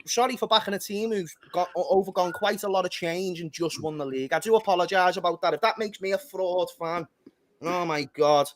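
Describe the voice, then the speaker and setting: A fired-up man holds forth on football and swears without a second thought. His voice sits fairly high, and the sound is dry and close with little room echo. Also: a little fast. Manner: passionate, ranting, swears freely. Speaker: fan channel co-host. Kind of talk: heated football fan chat.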